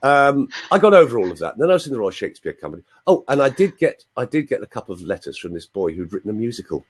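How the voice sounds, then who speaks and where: A man's voice: mid-range voice, sing-song, quick pace, breathy edge. A man in his sixties with an English accent, a voice coach telling stories in a playful, chatty way with asides to his audience, heard over a video call. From London, England. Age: 60s. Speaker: voice coach, interview guest. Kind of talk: anecdotal interview storytelling. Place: live online video chat room.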